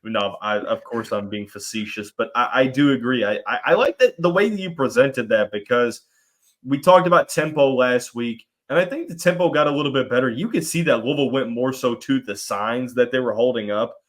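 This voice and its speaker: A man with the hiccups hosts a casual sports podcast, his voice medium-pitched and brisk. He's animated and joking, rambling and restarting his sentences as he goes.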